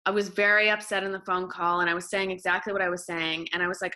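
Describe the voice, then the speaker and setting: A Canadian-born woman guest on a podcast, talking casually and telling her story with lots of energy. Her voice is bright and forceful, with a middle pitch, and she often restarts her sentences as she goes. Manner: animated storytelling, quick restarts. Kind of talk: casual interview talk.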